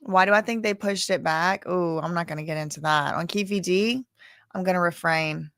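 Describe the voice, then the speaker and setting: A woman's voice: fairly low pitch, moderate pace, a bit bright, no room sound, studio quality. A woman from Louisiana hosting a live stream about court cases, chatting and rambling as she talks straight to her viewers. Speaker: livestream host covering court cases. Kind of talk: casual live-stream commentary.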